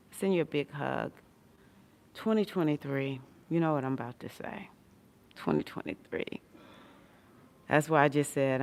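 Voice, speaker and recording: A woman's voice: sits low, gravelly. A woman chatting casually on a livestream from a hospital room, reading viewer comments and laughing often. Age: adult with a son. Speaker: astrology livestream host.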